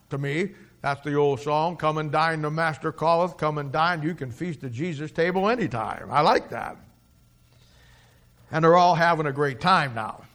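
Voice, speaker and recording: A male preacher delivering a sermon with a slightly high voice. He reads scripture slowly and solemnly, then shifts into folksy, animated storytelling full of asides.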